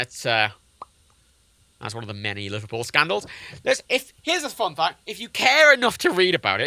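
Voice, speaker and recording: A slightly high, pushed and bright male voice with no echo belongs to a man streaming a flight game live. In a casual gaming-stream rant, he mocks local politics sarcastically and swears heavily.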